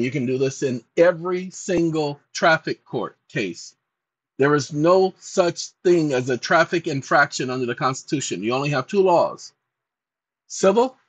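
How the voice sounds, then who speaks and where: A man's voice: mid-range voice, husky, no room sound. A man walking viewers through a casual screen-share tutorial, dictating prompts aloud in an emphatic, scolding way. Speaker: channel host.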